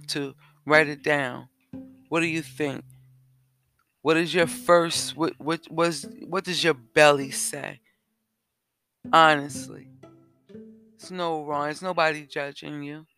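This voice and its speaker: A man hosting a self-help podcast, talking slowly and repeating questions to the listener. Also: fairly high pitch, steady tone, gravelly, bright, forceful tone, faint music behind. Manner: slow, repetitive, asks the listener questions. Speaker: podcast host. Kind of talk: reflective self-help talk.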